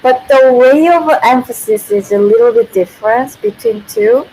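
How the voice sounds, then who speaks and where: A woman's voice: high voice, sing-song, normal speed, creaky, mellow, slight background noise, low-quality recording. A woman, a native Korean speaker, giving a casual livestream language lesson who thinks aloud, corrects herself and laughs often.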